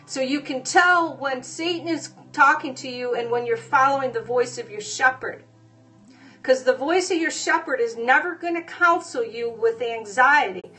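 A woman preaching a sermon, hesitating with fillers at times and then pressing her points with forceful repetition. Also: high-pitched, far from the mic. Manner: emphatic, repeating phrases with rising force.

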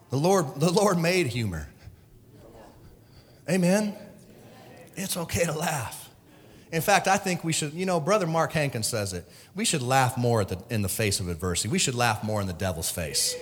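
A middle-aged man preaching a sermon at the pulpit, emotional, swinging from shouts to hushed asides. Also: medium pitch, expressive, moderate pace, in a large hall. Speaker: pastor. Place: church sanctuary.

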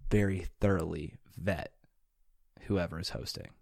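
Low-key young man, dry close sound. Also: steady tone, a little slow, creaky, a little mellow, no room sound. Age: young adult. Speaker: podcast co-host. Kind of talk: casual chat.

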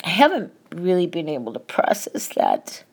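In a creaky, breathy voice pitched fairly low, a middle-aged female podcast host speaks at a moderate pace with huge swings in pitch. It's a confessional monologue: she shares a painful family story, candid, emotional and full of swearing.

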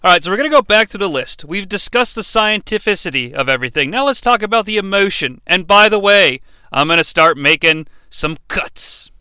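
Man, podcast host, comedic monologue, mock-dramatic, lively pitch, dry sound. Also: a little fast, hardly any pauses, clear, resonant tone, no room sound. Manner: animated, jokey, mock-dramatic.

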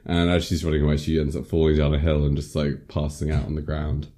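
Casual podcast host, rambling plot recap, deep and dark tone. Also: male voice, completely flat delivery, quick pace. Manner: rambling, many ums and likes, laughs at himself. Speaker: podcast host reviewing a film. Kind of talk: casual film recap chat.

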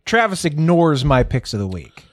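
A man's voice: a little high, sing-song, dry recording. Podcast guy rambling with lots of uhs, voice goes up and down a lot, dry close sound. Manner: halting, many fillers and restarts. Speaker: podcast co-host. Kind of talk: casual chat.

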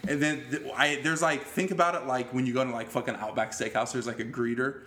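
A man in the middle of his range, spinning a long casual story and swearing freely as he goes. He tumbles through restarts and asides in a relaxed, animated way. His voice rings with the echo of a roomy space. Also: medium pitch, fast talker.

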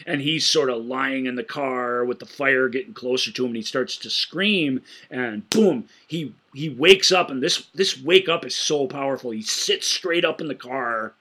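Male podcast co-host, bright tone, eager and excitable, trips over his words when excited. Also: mid-range voice, moderate pace, few pauses. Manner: enthusiastic, animated retelling with frequent stammered restarts. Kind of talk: casual film-discussion podcast chat.

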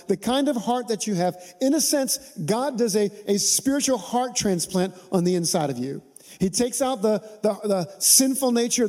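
A man's voice: sits high, mellow. A man preaching a sermon to his congregation as pastor, in a conversational and humorous way, asking the listeners to respond.

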